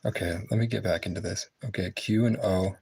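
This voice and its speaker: A man's voice: deep voice, fairly even intonation, fairly quick, vocal fry, a little mellow, breathy edge, rough recording. A man livestreaming casually while gaming, muttering to himself and swearing at the game. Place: room in a public building.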